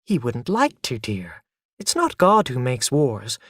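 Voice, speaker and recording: A man reading the part of a gentle, patient young mother in a soft, soothing way. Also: mid-range voice, huge pitch swings, measured pace, dry recording, clean studio sound, full character voice.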